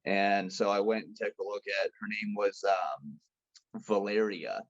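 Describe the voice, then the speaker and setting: A young man tells stories in a casual, animated way, with plenty of swearing, and acts out the voices of the people he quotes. His voice sits fairly low. The sound is dull and lo-fi, like a video call, with no room echo. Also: measured pace. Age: young adult. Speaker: podcast guest. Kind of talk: casual storytelling chat.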